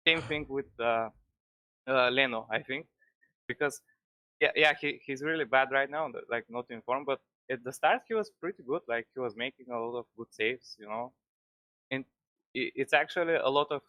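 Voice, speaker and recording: A man's voice: medium pitch, moderate pace, bright, forceful tone, dull audio. A man, not a native English speaker, calling in to a football stream, talking hesitantly with many restarts. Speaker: caller. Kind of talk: casual call-in chat.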